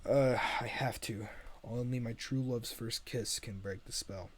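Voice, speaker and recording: A man's voice: medium pitch, fairly even intonation, measured pace, slight background noise, close to an everyday voice. A man reading a script aloud and voicing a young cursed princess in a raised, earnest voice. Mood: resigned. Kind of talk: amateur script read-aloud.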